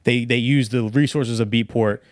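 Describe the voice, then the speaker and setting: A man's voice: medium pitch, steady tone, moderate pace, no echo, clean studio sound. A man in his thirties, a wedding DJ guest on a podcast, talking loosely with lots of swearing and fillers. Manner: loose, profane, rambling with many fillers. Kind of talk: casual interview chat.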